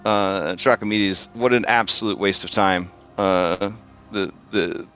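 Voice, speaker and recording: Man, game master, low voice, hesitant narration, dull lo-fi recording. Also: fairly even intonation, slow pace, a bit bright, faint music behind. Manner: hesitant, full of uhs while narrating. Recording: dull lo-fi sound.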